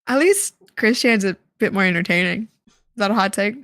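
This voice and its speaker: A woman's voice: mid-range voice, a little fast, fairly bright tone, dry recording, clean studio sound. A woman co-hosting a stream, teasing and giggling as she chats. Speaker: co-host streamer. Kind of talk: casual stream chat.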